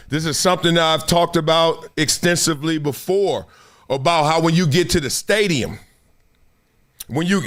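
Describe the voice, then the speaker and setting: A male host talks through sports stories in a lively, bouncing voice that swings widely in pitch. He is profane and animated and keeps acting out scenes as he riffs. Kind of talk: casual commentary show.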